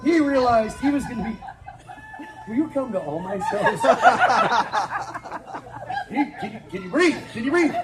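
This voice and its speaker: High, animated male comic storyteller. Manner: rapid spoonerisms and wisecracks. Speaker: festival storyteller. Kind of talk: comic stage storytelling to a crowd. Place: outdoor fair stage. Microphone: phone in the audience. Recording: phone recording with fair noise behind.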